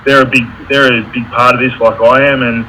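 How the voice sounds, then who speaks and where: A man's voice: medium pitch, level tone, a little fast, sharp tone, a little hiss or hum, poor audio. A man, an electrical contractor telling candid stories about running his business in a casual interview. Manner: candid, storytelling with reenacted quotes.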